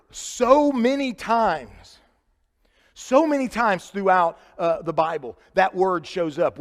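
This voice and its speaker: Male preacher, Midwestern American accent, fairly high voice, echoing church hall, conversational sermon. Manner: conversational, swings from loud emphatic to quiet and low. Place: church sanctuary. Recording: live church sanctuary with long reverb.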